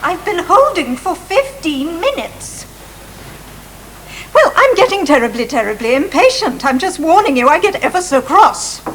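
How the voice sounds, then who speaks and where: A woman's voice: very high voice, sing-song, moderate pace, fairly bright tone, slight background noise, full character voice, poor audio. An actress playing a prim, fretful female music teacher in a 1990s TV sitcom, full of twee phrases. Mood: indignant.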